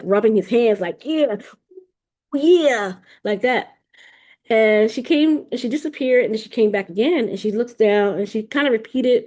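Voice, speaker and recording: Mellow-voiced woman telling a spiritual story. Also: mid-range voice. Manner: rambling, repeats words, many restarts. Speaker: podcast host. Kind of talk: casual spiritual storytelling monologue.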